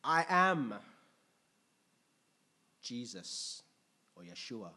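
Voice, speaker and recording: Husky-voiced male preacher. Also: mid-range voice, very slow. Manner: conversational, lively, asks the congregation questions. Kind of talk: sermon.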